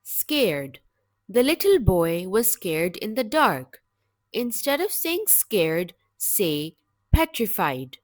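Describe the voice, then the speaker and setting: Slow and deliberate, a woman reads a scripted English vocabulary lesson word by word with clear, measured delivery; her mid-range voice has a sing-song lilt. The studio-quality recording carries no room sound.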